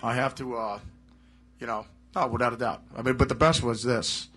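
A man's voice: medium pitch, fairly even intonation, moderate pace, sharp tone, husky, soft background music. A man being interviewed as a guitarist, telling rambling anecdotes and laughing through them. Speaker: guitarist guest. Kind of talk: casual storytelling interview.

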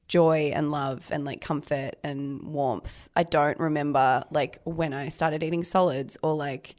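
A woman's voice: sits low, a bit bright. A woman co-hosting a podcast, a mother talking in a reflective, thoughtful way in casual chat, with frequent "like" fillers. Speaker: podcast co-host.

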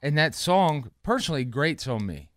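A man's voice: a little high, normal speed, no room sound. A man hosting a morning radio show, chatting loosely and laughing often on a studio mic. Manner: rambling, animated, laughs often. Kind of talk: casual radio banter.

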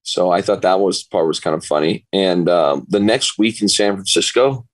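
Low-voiced man telling a rambling story. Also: normal speed, no echo. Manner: laid-back, rambling, chuckles often. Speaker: podcast guest. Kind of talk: casual storytelling chat.

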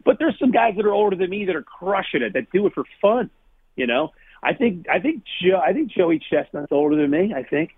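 A man's voice: high-pitched, very animated, fairly quick, husky, no room sound. A man from New Jersey, a food-challenge TV host, chatting as a guest on a call, chatty and self-deprecating, laughing often. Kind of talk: casual interview chat. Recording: tinny phone-line call.

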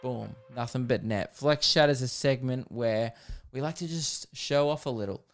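A man's voice: medium pitch, normal speed, soft background music. An Australian man hosting his own podcast in casual solo chat, rambling and joking with lots of fillers. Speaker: podcast host.

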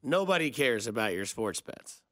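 A man hosting a sports call-in radio show, reacting to callers in a dry, low-key, deadpan way. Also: moderate pace, no room sound. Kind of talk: casual call-in radio chat.

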